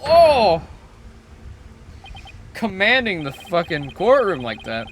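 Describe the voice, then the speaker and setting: Excitable young man streaming a game. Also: sits high, slow pace, a little hiss or hum. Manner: loud, excitable, joking, swears. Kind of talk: game playthrough commentary, reading dialogue aloud. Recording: game music behind.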